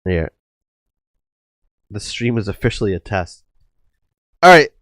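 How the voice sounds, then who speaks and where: A man's voice: on the low side, very animated, unhurried, a bit bright, no echo, studio quality. A man from the United States hosting a livestream, talking casually in a rambling way with many fillers and swearing. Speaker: livestream host. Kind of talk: casual stream chat.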